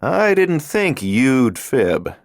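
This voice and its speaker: A man's voice: medium pitch, big pitch swings, extremely slow, no room sound, studio quality, pitched above the performer's own voice, heavily acted. A male narrator voicing a friendly, curious patrol cop with a playful, tentative manner in an audiobook.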